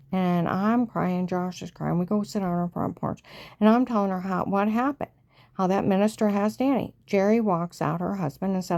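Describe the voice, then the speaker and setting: A middle-aged woman telling her own story casually and with feeling, often sinking to a hushed near-whisper and checking in with the listener with "okay?". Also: medium pitch, normal speed, creaky.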